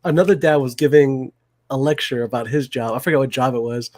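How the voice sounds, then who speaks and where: A man talking casually about a movie, laughing easily and slipping into voices to quote scenes. His pitch sits in a middle range. The sound is dry and close. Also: fairly quick, a little mellow, no room sound. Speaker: podcast co-host.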